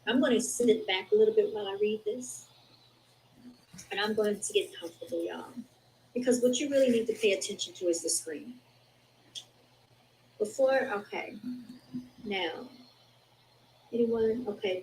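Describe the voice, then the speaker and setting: A woman's voice: mid-range voice, dark tone, slight background noise, low-quality recording. A woman hosting her own show, chatting casually with listeners and reading passages from a book aloud over a video call. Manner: chatty, addresses listeners as y'all. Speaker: podcast host.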